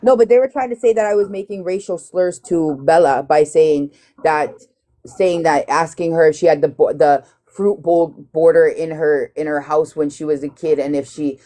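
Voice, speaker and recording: A woman's voice: deep voice, moderate pace, mellow. A woman in her thirties hosting a live stream, talking bluntly and profanely as she retells a dispute. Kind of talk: heated casual live chat.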